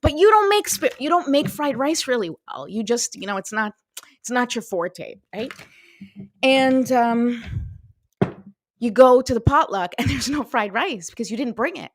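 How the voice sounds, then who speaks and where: A woman hosting a casual motivational talk, chatty and animated, often checking in with "right?" and acting out little conversations. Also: fairly high pitch, moderate pace. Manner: chatty, lots of "right?" and acted-out dialogue. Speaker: host.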